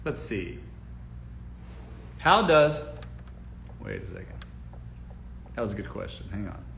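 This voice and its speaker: Bright-voiced man giving blunt dating advice. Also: fairly low pitch, very animated, takes it slowly, creaky, reverberant, a little hiss or hum. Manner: blunt, joking, talks straight to listeners. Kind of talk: casual live-stream advice talk.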